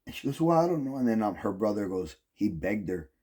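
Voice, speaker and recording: A man's voice: on the low side, very animated, a little fast, dark tone, breathy edge. A middle-aged man telling a casual rambling story, full of "like" and "um" and swearing. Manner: rambling, heavy use of "like" and "um", profane. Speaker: vlogger.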